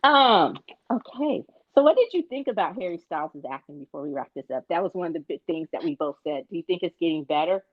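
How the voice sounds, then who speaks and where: Lowish woman podcast co-host, casual movie chat, slightly dull dry sound. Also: lively intonation, fast talker, dry recording. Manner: chatty, stumbles over words.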